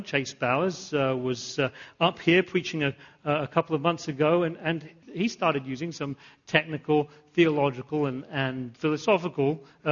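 Husky man preaching a sermon. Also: a little high, lo-fi sound. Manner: animated, repeats phrases, asks the congregation questions. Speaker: pastor. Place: church.

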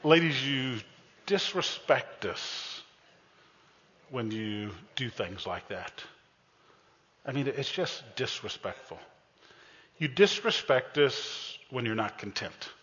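Taking it slowly with long pauses, a pastor preaches a humorous sermon in a very animated, medium-pitched voice that's a bit bright and husky. He's playful, ribbing the congregation and addressing them head-on. The audio has the dull echo of a church sanctuary.

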